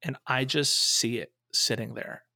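Animated man telling a profane comic story. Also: mid-range voice, a little slow, vocal fry, no room sound, clean studio sound. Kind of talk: casual podcast storytelling.

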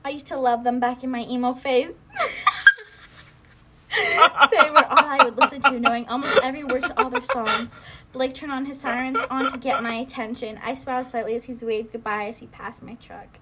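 A woman's voice: sits high, fairly even intonation, normal speed, very noisy. A young woman reading her own old story aloud for laughs, often breaking into giggles. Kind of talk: comedic dramatic reading with laughter.

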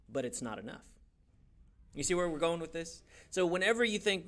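A youth pastor teaches a church youth class playfully and with animation, laughing often and doing quick voices. His pitch is fairly high.

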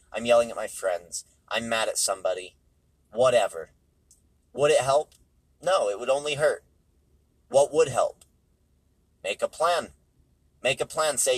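A man's voice: medium pitch, no echo, rough recording. A man giving casual spoken commentary on movies while driving, repeating his points for emphasis. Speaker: movie reviewer. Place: car on the road.

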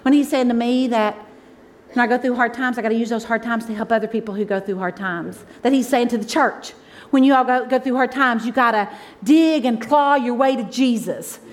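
A woman, a pastor's wife preaching a conversational, emotional sermon that swings from loud exclaims to soft asides. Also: a little high, fairly quick.

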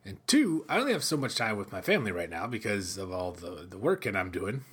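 A man's voice: fairly low pitch, big pitch swings, brisk, fairly bright tone, husky. A middle-aged American man hosting a casual solo podcast, rambling conversationally with lots of fillers and restarts. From United States. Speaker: podcast host.

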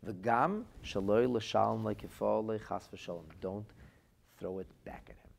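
A man's voice: lowish voice, unhurried, creaky, a little hiss or hum. A man teaching a Torah class as a rabbi, reading phrases from classic texts aloud and translating them into plain speech. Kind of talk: lively text-based Torah lesson.

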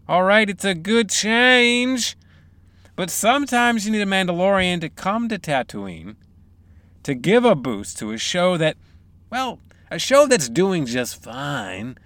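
Hammy, foul-mouthed podcast host. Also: male voice, high voice, expressive, measured pace, fairly bright tone, clear, resonant tone, dry recording. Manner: profane, hammy, theatrical. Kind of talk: comedic podcast rant.

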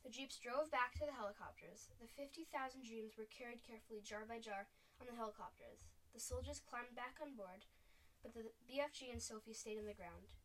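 A woman reading a children's book aloud, with steady narration and occasional slips she corrects. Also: on the high side, brisk, distant mic, poor audio. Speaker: reader.

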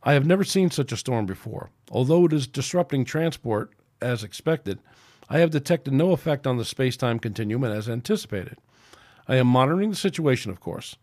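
A man's voice: mid-range voice, lively intonation, fairly quick, a little mellow, close to an everyday voice. A man voicing a logical, unemotional male Vulcan science officer, speaking in a precise, formal way.

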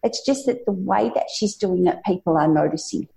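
A woman talks on a podcast in a calm, affirming way, explaining her view in a mellow, warm voice. Her voice carries a roomy echo. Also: mid-range voice, normal speed, vocal fry. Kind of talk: casual podcast chat.

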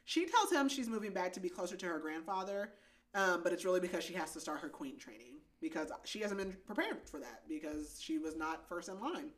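A woman's voice: lowish voice, sing-song, brisk. A young woman co-hosting a podcast, casually recapping a book, chatty, with lots of "like" fillers and frequent laughter. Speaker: podcast co-host.

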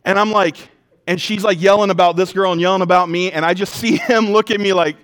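A male pastor delivers a sermon in a notably high voice. He swings between loud, emphatic declarations and hushed intensity. Along the way he slips into casual, self-deprecating stories. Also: fairly even intonation, a little fast. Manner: conversational storytelling with self-deprecating humor.

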